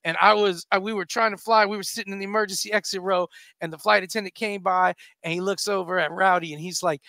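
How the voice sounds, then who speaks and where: A man's voice: sits high, fast, vocal fry, no room sound. A man, a stand-up comedian, telling a comic story in a radio studio and acting out every voice in it. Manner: lively, acts out every voice in his story.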